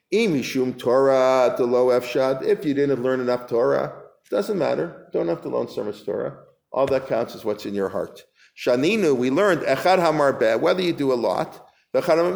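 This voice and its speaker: A man's voice: mid-range voice, creaky, darkish tone. A man teaching an informal Talmud class, reading Aramaic lines and paraphrasing them in loose, conversational English. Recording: echoey room.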